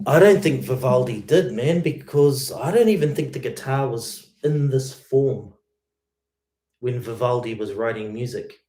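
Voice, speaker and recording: A man's voice: medium pitch, a little slow, dark tone. A man hosting a guitar livestream, chatting casually with viewers in a laid-back way, peppering his talk with "man" and "mate". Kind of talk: casual livestream chat reading viewer comments.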